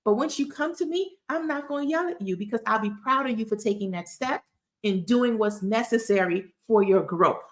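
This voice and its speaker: A woman's voice: on the high side, moderate pace. A woman, a tax resolution expert giving casual advice straight to camera. She tells stories with plenty of emphatic asides. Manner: chatty, emphatic, storytelling with asides.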